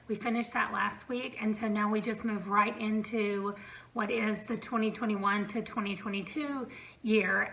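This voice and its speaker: A woman's voice: a little high, pushed and bright, poor audio. A woman in her thirties chatting casually at home in a book vlog, rambling with fillers and little laughs. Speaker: book vlogger. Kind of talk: casual reading vlog chat. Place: room at home.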